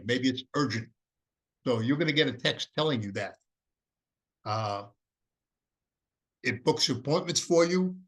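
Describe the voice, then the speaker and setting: A man's voice: mid-range voice, a bit bright. A man talks through a business tool in an unpolished, folksy way. His voice sits in a middle range, and he often stops to restart his sentences. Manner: rambling, many fillers and restarts, folksy. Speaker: presenter of an AI business course. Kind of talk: casual explanatory presentation.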